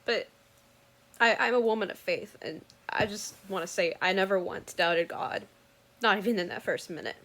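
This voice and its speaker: A woman's voice: mid-range voice, normal speed, fairly bright tone. A woman earnestly recounting a personal story in casual, rambling talk that often corrects itself mid-sentence.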